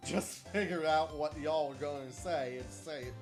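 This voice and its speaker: Guy doing a sassy southern gal with a drawl, loud and defensive, music playing under. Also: a little high, moderate pace, voice pushed up, close to an everyday voice. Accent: put-on American Southern drawl. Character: brash Southern country woman photographer, feisty.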